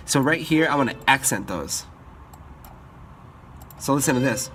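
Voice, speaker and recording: A man's voice: medium pitch, animated, unhurried, long pauses, fairly bright tone, slight background noise. A man teaching music composition in a screen-recorded tutorial, upbeat, stopping now and then to scat-sing the melodies.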